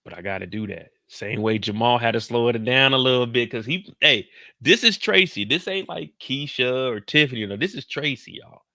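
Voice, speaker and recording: This show recap host speaks at medium pitch in a clean studio recording with no echo. Slangy and animated, he retells the episode as a story, quoting characters in put-on voices and talking more slowly than on his live streams.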